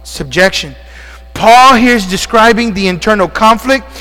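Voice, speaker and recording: Pushed and bright, a high-pitched male voice preaches at a moderate pace, sounding out of breath. The pastor engages his congregation through call-and-response, with plenty of questions and amens, from a church sanctuary. The recording has long reverb and a mains hum.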